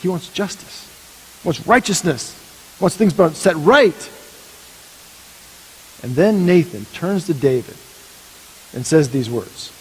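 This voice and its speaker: A man pastor preaching a sermon, telling a story dramatically and dropping to a hush for emphasis. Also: on the high side, expressive, unhurried, pauses often, a little hiss or hum. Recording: long reverb of a large hall.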